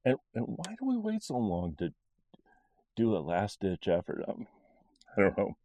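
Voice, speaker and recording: A man's voice: on the low side, wildly swooping pitch, normal speed, warm tone. A middle-aged man telling a personal faith story in a rambling, earnest, conversational way. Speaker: podcast storyteller.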